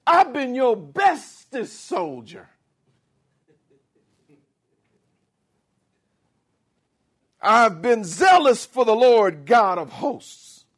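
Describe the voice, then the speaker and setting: A preacher doing a whiny, boastful old prophet. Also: male voice, extremely high pitch, big pitch swings, slow pace, a bit bright, breathy edge, pitched above the performer's own voice, full character voice. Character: boastful self-pitying male prophet, middle-aged.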